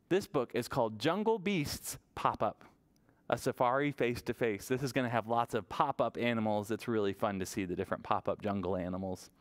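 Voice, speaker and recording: A man working as a children's librarian runs a virtual story time for toddlers. Speaking in a medium-pitched voice, he's animated and sing-song as he addresses the little ones.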